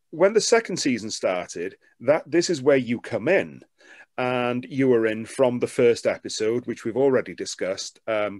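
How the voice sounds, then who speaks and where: A man's voice: medium pitch, no room sound, clean studio sound. A man hosting a podcast interview, reflective and enthusiastic as he recalls watching a series. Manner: reflective, enthusiastic about the show. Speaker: podcast host. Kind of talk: conversational interview.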